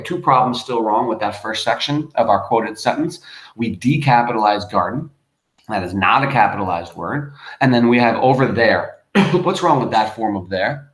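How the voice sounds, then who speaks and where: A man's voice: medium pitch, echoey room, rough recording. A man teaching a grammar lesson, patient and emphatic, spelling words out letter by letter. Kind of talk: grammar lesson over a screen.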